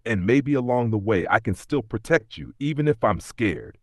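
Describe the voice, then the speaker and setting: A man's voice: medium pitch, animated, normal speed, a little mellow, dry recording, clean studio sound, voice pushed up, close to an everyday voice. A man voicing a big male lion who is a coward, speaking in a sighing, ashamed way. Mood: sheepish. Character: timid, gloomy male lion.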